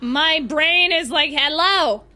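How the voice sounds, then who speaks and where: Squeaky excitable woman streaming a horror game, super high voice, bright and sharp, chatting to chat. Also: measured pace. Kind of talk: live gameplay commentary.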